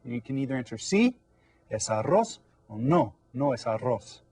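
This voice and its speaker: A man teaching an elementary Spanish lesson on video, quizzing young pupils and repeating Spanish words slowly for them to follow. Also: mid-range voice, sing-song, darkish tone, breathy edge. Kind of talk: recorded classroom lesson for children.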